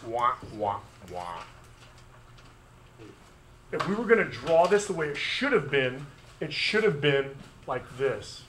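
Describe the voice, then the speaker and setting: A man runs a physics review in a classroom, talking briskly and tossing in joking asides. His voice is bright and sits a little high. Faint room noise hums under him. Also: expressive. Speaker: physics teacher.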